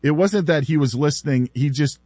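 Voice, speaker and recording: A man hosting sports talk radio, animated and laughing as he repeats himself. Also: fairly high pitch, fairly quick, no echo. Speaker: radio host.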